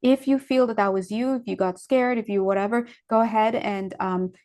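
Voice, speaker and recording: A woman giving a casual spiritual tarot reading, rambling and correcting herself as she goes, with lively asides. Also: medium pitch, normal speed. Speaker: spiritual reader.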